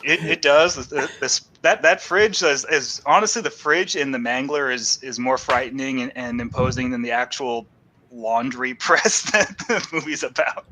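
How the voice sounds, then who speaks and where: A man's voice: mid-range voice, normal speed, bright, forceful tone, a little hiss or hum, low-quality recording. A man co-hosting a casual movie podcast, joking and laughing often as he recaps scenes. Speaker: podcast co-host. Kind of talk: casual chat about movies.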